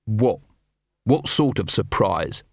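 A man's voice: on the low side, lively intonation, slow, no room sound. A man voicing a weary, cynical middle-aged male watch captain who talks in a dry, exasperated way.

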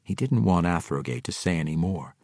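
A man's voice: low-pitched, expressive, fairly quick, a little mellow, no echo, clean studio sound. A man narrating a fantasy audiobook with dramatic, vivid storytelling.

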